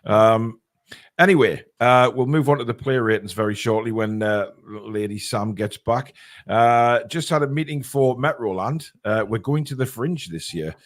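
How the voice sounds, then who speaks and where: Blunt, halting man hosting a chat show. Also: medium pitch. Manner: blunt, hesitant, sweary. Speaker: podcast host reading viewer comments. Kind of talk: casual chat.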